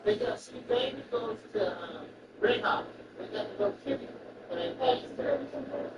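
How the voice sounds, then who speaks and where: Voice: mid-range voice, expressive, unhurried, lo-fi sound. A speaker in casual chat who rambles and repeats phrases. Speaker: person chatting. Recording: roomy, far from mic, loud traffic noise.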